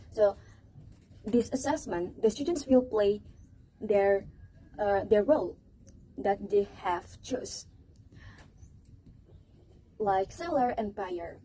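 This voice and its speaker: A woman's voice: medium pitch, mellow, slight background noise, low-quality recording. A woman presenting a teaching project to a class, hesitant, with fillers and restarts.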